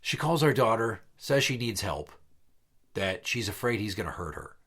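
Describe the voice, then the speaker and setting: A man's voice: on the low side, sing-song, moderate pace, a bit bright, husky. A man hosting a podcast, telling a long story in a blunt, profane, exasperated way. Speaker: podcast host. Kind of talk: casual storytelling chat.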